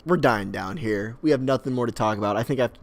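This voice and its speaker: A man's voice: medium pitch, fast. A young man co-hosting a podcast in loose, rowdy, profane chat, laughing and slipping into impressions. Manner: rowdy, swearing, doing jokey impressions. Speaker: podcast co-host. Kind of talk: casual chat.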